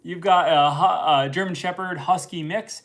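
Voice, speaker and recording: A man's voice: high voice, fairly even intonation, normal speed, a bit bright. Easygoing Canadian man reading chat. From northern Canada. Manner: easygoing, reads out chat messages. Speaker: host reading viewer comments. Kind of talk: casual live-stream chat.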